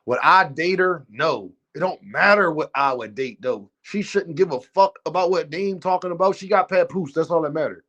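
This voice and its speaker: A man's voice: fairly high pitch, moderate pace, few pauses, a bit bright. A man hosting a livestream, ranting bluntly and profanely and talking straight to his chat. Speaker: livestream host. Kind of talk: unscripted livestream rant.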